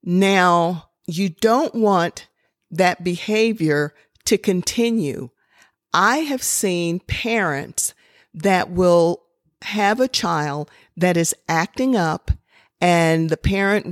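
Slow, calm older woman giving advice. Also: lowish voice, no echo, studio quality. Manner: calm, instructive, tells personal stories. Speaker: parenting advisor. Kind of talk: slow, measured advice talk.

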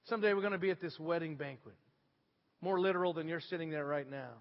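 A middle-aged man preaching a sermon, telling stories with lively swings from hushed to loud. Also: on the high side, fast talker. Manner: animated storytelling, swinging from hushed to shouting. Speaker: pastor. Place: church sanctuary. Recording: dull sound with long hall reverb.

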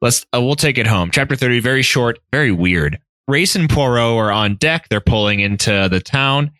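A man recaps a novel on his podcast in loose, casual chat, peppered with "like" and the odd curse. His voice is bright and forceful, recorded close and dry. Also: medium pitch, animated, moderate pace, no echo. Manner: casual, full of "like" and swearing. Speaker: podcast co-host.

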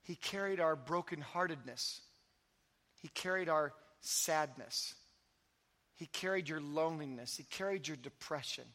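A man preaching a sermon as pastor, telling stories with energy and then dropping to soft, intimate emphasis. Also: fairly high pitch, a little slow. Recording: long hall reverb.

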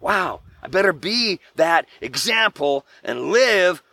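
Emphatic, bright-voiced motivational man. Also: sits high, very animated, slow pace, creaky. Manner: earnest, emphatic, preachy with repeated exclamations. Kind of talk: motivational talk.

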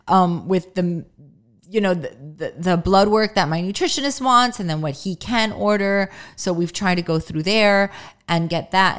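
Middle-aged woman, podcast host, personal monologue, chatty, candid, fairly low voice. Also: fairly bright tone, clean tone. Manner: emotional, close to tears at times.

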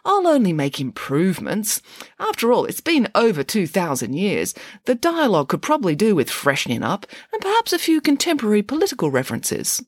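A woman's voice: medium pitch, wildly swooping pitch, brisk, no room sound, clean studio sound, pitched above the performer's own voice. A woman voicing a theatrical, indignant female pig nanny in a storybook reading, grandly declaiming her lines. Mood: grandiose.

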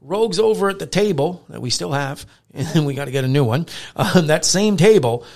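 A man with a somewhat high voice, chatting casually on a podcast as a dog trainer. He talks in an animated way and slips into playful growls and bursts of praise while he explains training. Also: normal speed, gravelly. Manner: animated storyteller who acts out growls and praise.

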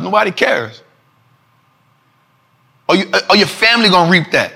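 A man hosting a casual finance talk show, animated and preachy, full of slang and repeating lines for emphasis. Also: high-pitched, moderate pace, creaky, long pauses. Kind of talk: casual market commentary.

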